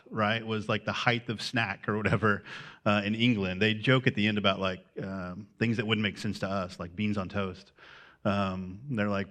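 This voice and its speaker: A man's voice: on the low side, steady tone, moderate pace, fairly bright tone. A man preaching as a pastor, talking loosely and conversationally with many fillers as he works through his point. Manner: conversational, unscripted, with frequent fillers. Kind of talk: sermon.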